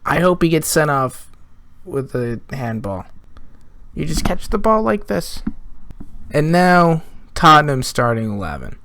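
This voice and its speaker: A man's voice: a little high, sing-song, measured pace, long pauses, bright, forceful tone. A man casually previewing a football match on his vlog, joking and rambling. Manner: jokey, rambling, asks viewers questions. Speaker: football fan vlogger.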